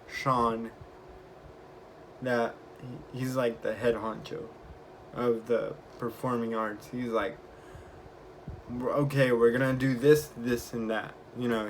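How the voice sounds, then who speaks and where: Young man telling a slow, chatty story. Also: mid-range voice, a little hiss or hum. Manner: chatty, animated retelling with acted quotes. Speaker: vlogger. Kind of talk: casual storytelling vlog.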